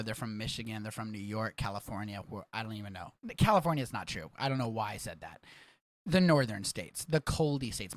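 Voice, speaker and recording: Rambling, excitable man hosting a podcast. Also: medium pitch, no echo. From Texas. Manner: rambling, excitable, swears freely. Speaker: podcast host. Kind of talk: casual livestreamed podcast chat.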